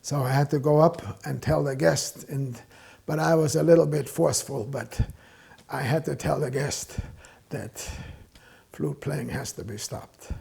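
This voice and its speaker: A man's voice: fairly high pitch, fairly even intonation, a little slow, gravelly, darkish tone, slightly rough. An older man, once a guard, plainly recounting a personal memory. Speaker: former guard. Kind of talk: personal reminiscence.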